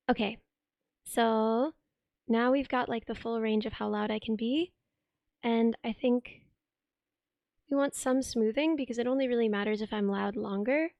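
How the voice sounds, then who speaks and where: A young woman with a sick voice, chatting on a live stream, thinking aloud as she tinkers and thanking viewers with excitement. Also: on the high side, gravelly, no room sound, clean studio sound. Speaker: livestreamer. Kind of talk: casual live stream chat. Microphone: desk streaming microphone.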